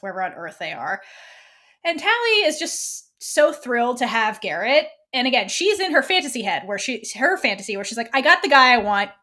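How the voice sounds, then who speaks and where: A woman co-hosting a podcast, giving a casual and animated recap of a TV episode. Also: a little high. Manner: animated retelling, slips into quoted voices. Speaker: podcast co-host.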